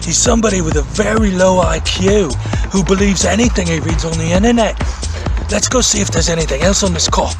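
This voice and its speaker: A man voicing a smug, excitable male wildlife presenter in an exaggerated fake Cockney accent, in parody documentary narration. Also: high voice, fairly quick, music in the background. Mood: hushed smug. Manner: hushed documentary narration, mocking. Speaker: channel host.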